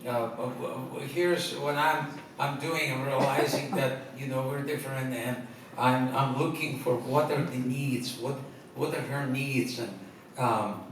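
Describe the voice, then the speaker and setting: Slow, laughing storyteller man in an echoey hall. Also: mid-range voice, steady tone. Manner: halting restarts, laughs at his own punchlines. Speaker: speaker telling stories to an audience. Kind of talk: humorous personal storytelling. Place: stage before a live audience. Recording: echoey hall, distant mic, loud noise.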